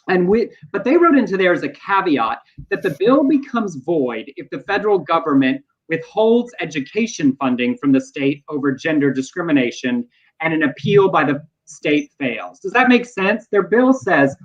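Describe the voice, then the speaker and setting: Lively man hosting an LGBTQ news chat. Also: on the high side, highs cut off. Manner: animated, quick asides and playful quotes. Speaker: podcast co-host.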